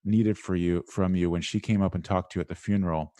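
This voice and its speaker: Dark-voiced man, casual and animated. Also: low-pitched, fast, no room sound. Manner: animated, conversational, many "like"s and "right?". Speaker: guest, education speaker. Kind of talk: interview answers.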